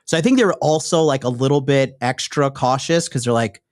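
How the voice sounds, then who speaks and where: Male YouTuber, middle-pitched, casual and profane, rambling delivery, dry close mic. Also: fairly quick, dry recording. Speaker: online dating coach and YouTuber. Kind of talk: casual direct-to-camera chat.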